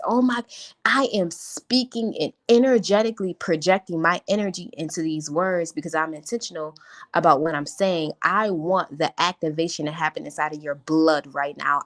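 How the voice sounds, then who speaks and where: A young adult woman coaching on a live stream, talking in an animated way and leaning hard on positive words. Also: on the low side. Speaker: life coach.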